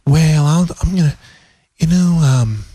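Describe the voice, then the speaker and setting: A man's voice: a little high, animated, unhurried, warm tone, breathy edge, no echo. A man doing a mocking impression of a sweet female late-night radio host, with a put-on drawling southern lilt.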